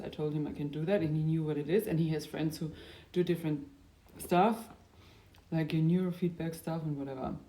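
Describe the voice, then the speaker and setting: A young adult woman talking in a casual, rambling video diary. Her loudness drifts from sudden bursts down to near-whispers. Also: low-pitched. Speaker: diary vlogger.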